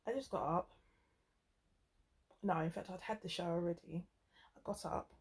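Animated woman telling a story. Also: fairly low pitch, normal speed. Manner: animated storytelling, frank and exasperated. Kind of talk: casual chat.

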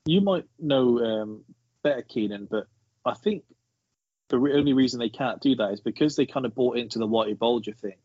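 Male podcaster, easygoing and talkative, slightly husky voice. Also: medium pitch, a little fast, mellow, dry recording, lo-fi sound. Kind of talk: casual film discussion.

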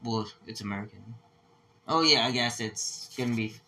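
A man's voice: mid-range voice, normal speed, pushed and bright. A man co-hosting a podcast, blunt and teasing, swearing casually in banter.

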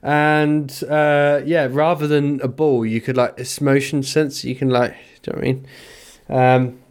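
A man co-hosting a casual podcast, speaking. He rambles from story to story, swears freely and breaks into quick bursts of talk, his voice sitting at an ordinary middle pitch. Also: little pitch movement. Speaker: podcast co-host.

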